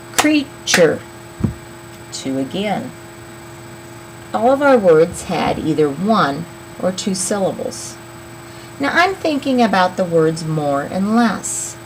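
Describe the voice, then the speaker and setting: A woman teaching young children a phonics lesson, slowly sounding out words and counting syllables. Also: lowish voice, slight background noise, low-quality recording. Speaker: elementary school teacher.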